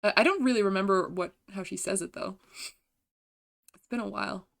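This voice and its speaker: A woman streamer chats casually with her viewers in a mid-range voice with vocal fry. She is giggly and self-deprecating, slow and soft-spoken, and often tries out voice impressions.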